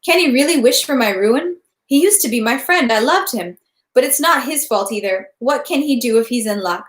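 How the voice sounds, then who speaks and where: A woman's voice: on the high side, animated, moderate pace, roomy sound, lightly acted. Woman reading as a desperate young count. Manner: anxious, pleading inner voice. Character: young man, a desperate count losing at cards.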